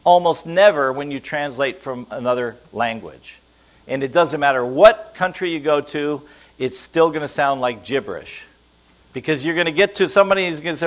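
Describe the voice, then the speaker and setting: A man's voice: on the high side, expressive, moderate pace. A man preaching to a congregation, playful and quizzing his listeners as he goes. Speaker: pastor teaching a congregation. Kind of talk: lively sermon to a live audience.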